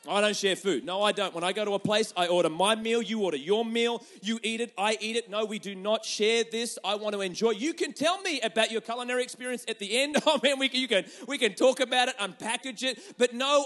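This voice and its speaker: A young adult man preaching a sermon, telling stories with lively swings between loud and hushed delivery. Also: high-pitched. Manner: animated storytelling with quick shifts between loud and hushed. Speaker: pastor.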